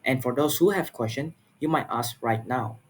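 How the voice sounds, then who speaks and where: A young man from Malaysia, giving a class presentation in an earnest, halting way, often repeating words and filling pauses. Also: medium pitch, slightly rough. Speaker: student presenter.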